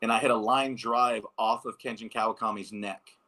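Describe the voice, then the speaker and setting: A man in his thirties tells casual stories as an interview guest, animated and loose, with filler words everywhere. His voice sits low but has a bright, forceful edge. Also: normal speed. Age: 30s. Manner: animated anecdotes, many fillers. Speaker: former pro baseball pitcher, guest.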